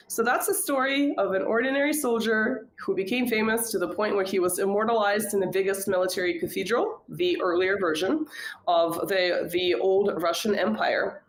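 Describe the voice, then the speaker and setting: A woman's voice: mid-range voice, roomy sound, rough recording. A woman guest on a podcast, talking through a story in a thoughtful, hedging way with many fillers. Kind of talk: casual conversation.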